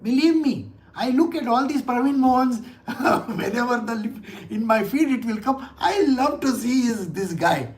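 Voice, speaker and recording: A man, a spiritual teacher giving an animated scripture lecture full of rhetorical questions. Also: very high voice, normal speed, hardly any pauses, rough recording.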